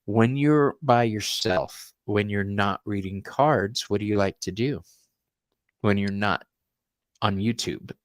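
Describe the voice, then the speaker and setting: A man hosting a tarot reading interview on a live stream, effusive and animated, laughing often. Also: fairly low pitch, takes it slowly, dry recording. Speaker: tarot reader and host.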